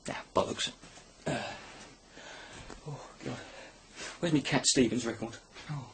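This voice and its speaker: Recording at home with his camera mic, this male comedy vlogger delivers a crude, sarcastic, rambling monologue. He speaks at a measured pace in a mid-range voice.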